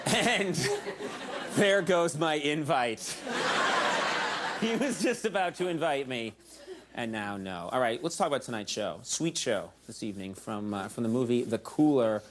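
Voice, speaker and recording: A man's voice: mid-range voice, lively intonation, unhurried, heavy background noise. A man hosting a late-night show, delivering a comedy monologue with self-mocking asides on a studio stage. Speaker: talk show host. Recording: live studio audience laughter and applause.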